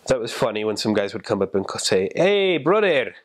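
A young man with a fairly low voice talks through his mission memories in a relaxed, chatty way. He laughs at his own anecdotes as he gives advice. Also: fast. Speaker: returned missionary. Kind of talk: casual advice talk.

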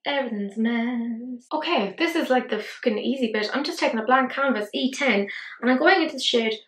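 A woman's voice: fairly high pitch, brisk, a bit bright. A tired woman chatting casually through a makeup tutorial, rambling, swearing and poking fun at herself. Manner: rambling, sweary, self-deprecating. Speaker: beauty vlogger. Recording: roomy echo.

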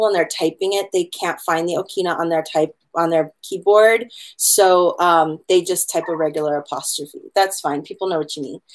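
A woman leads an online hula lesson in a friendly, talkative way, with a voice of ordinary middle pitch. She encourages her students and slows right down whenever she spells out words letter by letter. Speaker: hula instructor. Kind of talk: online class lesson on pronunciation.

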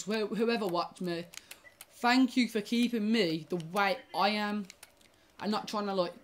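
Rambling young woman gamer. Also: mid-range voice. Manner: rambling, stumbling restarts, swears at the game. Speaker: gaming YouTuber. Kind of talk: casual gaming commentary.

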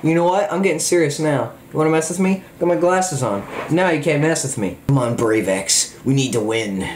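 A man giving excited, jokey gameplay commentary, full of exclamations. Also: a little high, moderate pace, hardly any pauses, echoey room, slight background noise. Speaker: gamer.

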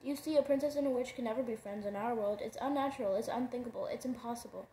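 Storybook figure: woman voicing a mischievous elderly schoolmaster, mellow and musing. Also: a little high, quick pace, slight background noise, natural voice. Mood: sly. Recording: roomy echo.

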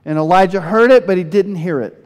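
Animated pastor in a reverberant church. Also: male voice, high-pitched, a little fast. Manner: animated storytelling, voices quoted speakers with bursts of energy. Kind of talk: sermon. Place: church sanctuary. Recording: long hall reverb.

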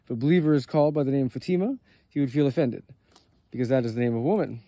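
A man voicing a stern male prophet who scolds with forceful, indignant lines. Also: fairly high pitch, a little fast, dry recording, close to an everyday voice. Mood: scolding.

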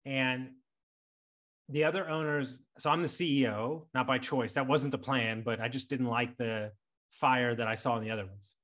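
A man's voice: mid-range voice, fairly even intonation, moderate pace, a bit bright. A man hosting a podcast, talking bluntly and casually, repeating words when worked up and swearing freely. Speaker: podcast host.

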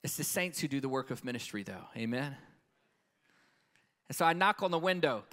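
A man's voice: medium pitch, animated, brisk, bright, forceful tone. A man preaching a live conference sermon as an evangelist, emphatic and storytelling, calling out for an amen. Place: conference hall with live audience.

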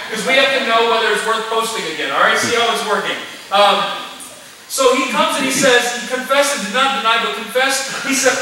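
Pastor guy preaching, really high bright voice, echoey church hall, mic kinda far off. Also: slight background noise. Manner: animated, joking asides to the congregation. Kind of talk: sermon. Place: church sanctuary.

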